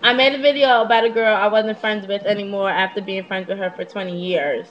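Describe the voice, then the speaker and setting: A young woman telling a story casually to her webcam at home, brash, profane and animated as she gossips. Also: mid-range voice, brisk, lo-fi sound, slight background noise. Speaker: vlogger.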